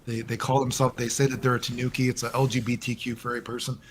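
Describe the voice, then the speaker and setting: A man as the guest in a casual interview over a call, rambling and animated and swearing often. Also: mid-range voice, quick pace, slight background noise.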